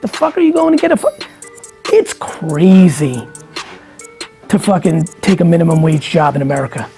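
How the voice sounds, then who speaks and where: A man's voice: fairly high pitch, very animated, moderate pace, vocal fry, warm tone, soft background music. A middle-aged man talking casually as an interview guest, emphatic and profane, often rambling through his points.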